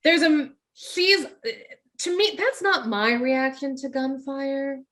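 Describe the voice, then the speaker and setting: A woman co-hosting a casual movie talk show, animated and acting out quoted lines as she retells scenes. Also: high voice, slow. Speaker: podcast co-host.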